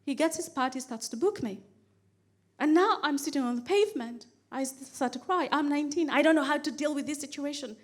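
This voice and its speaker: Woman stand-up comic, high voice, animated storyteller who leans on repetition. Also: fairly quick. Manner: animated storyteller, repeats phrases for comic rhythm. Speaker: stand-up comedian.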